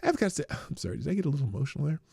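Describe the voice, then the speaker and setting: Very animated and rapid-fire, this man's voice is gravelly with a breathy edge, with no room sound. On his live stream he takes viewer questions in casual unscripted chat, replying with blunt, profane jokes, cracking himself up, and lurching between quiet mutters and loud outbursts.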